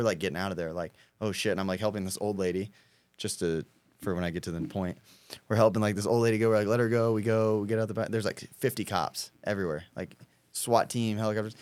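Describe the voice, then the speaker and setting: A man's voice: on the low side, dry recording. A young man in casual chat, rambling with lots of fillers and swearing. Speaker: podcast guest, prankster.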